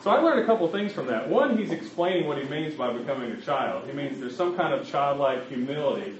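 A man preaches a sermon with a slightly raised pitch and a lively, rising-and-falling delivery. He speaks conversationally, as if chatting with his congregation. The recording is roomy and a little muffled. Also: fairly quick. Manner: conversational, addresses the congregation directly.

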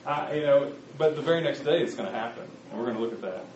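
A man's voice: medium pitch, lively intonation, quick pace, darkish tone, a little hiss or hum. A man preaching a sermon, talking conversationally and speaking directly to his congregation. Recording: roomy, slightly muffled recording.

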